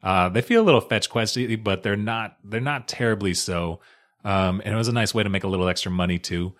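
A man with a fairly low voice, chatting as a podcast guest. He talks in an easygoing way, often hesitates, and uses a lot of fillers. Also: fairly quick, a bit bright. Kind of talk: casual chat.

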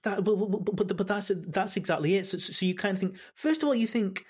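A man, a football podcast panelist talking in a halting way full of restarts. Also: high voice, a little mellow, husky. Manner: halting, many restarts and fillers. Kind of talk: casual football chat.

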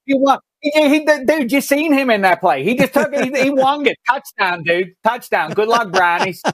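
A man putting on a brash blue-collar Pittsburgh sports fan with a strong Pittsburgh accent, talking loud and high. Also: expressive, moderate pace, dry recording, full character voice. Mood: hyped.

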